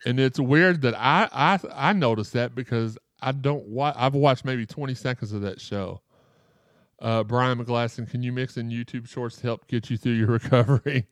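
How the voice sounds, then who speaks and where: Male podcast host, smooth dry voice, rambling and jokey, sore throat. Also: medium pitch, moderate pace, no room sound. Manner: joking, rambling, reads chat comments aloud. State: sore throat after surgery. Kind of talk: live-streamed casual podcast chat.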